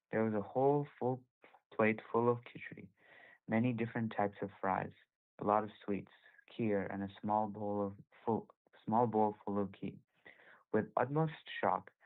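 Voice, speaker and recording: Low-ish guy reading a story out loud, steady, fixes his words now and then, phone-line sound. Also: gravelly. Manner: steady reading with small self-corrections. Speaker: reader at a group scripture session. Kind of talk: reading a devotional story aloud. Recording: tinny phone-like call audio.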